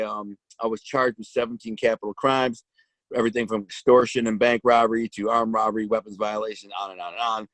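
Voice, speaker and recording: A man's voice: mid-range voice, dry recording, low-quality recording. A man casually telling his own story in blunt street slang, with frequent restarts.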